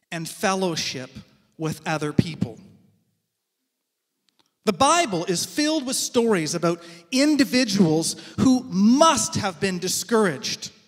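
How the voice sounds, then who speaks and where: A male preacher giving a sermon, telling stories in an animated way and asking rhetorical questions. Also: high-pitched, big-room sound.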